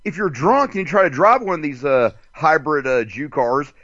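A man's voice: fairly high pitch, normal speed, dry recording. A male host chatting loosely and crudely, his voice swinging widely up and down as he rambles through fillers. The recording is dull and lo-fi, and it sounds very dry and close, with no room around it. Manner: animated, profane, rambling with fillers. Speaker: show host. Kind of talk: crude casual radio chat.

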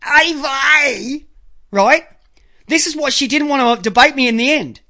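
A man's voice: very high-pitched, sharp tone. A man hosting a live stream, delivering a combative, profane, unscripted rant that calls people out directly. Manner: counts items aloud slowly while looking at pictures.

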